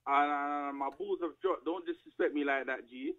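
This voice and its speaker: Young lad prank-calling, cocky slang, tinny phone audio, somewhat high voice. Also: male voice, a little fast, a crowd in the background. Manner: taunting, swaggering street slang. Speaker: prank caller.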